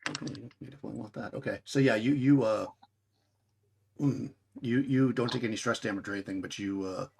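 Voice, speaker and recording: A man's voice: on the low side, creaky, slightly rough. A man narrating as game master of a tabletop game, talking in a rambling way with many restarts.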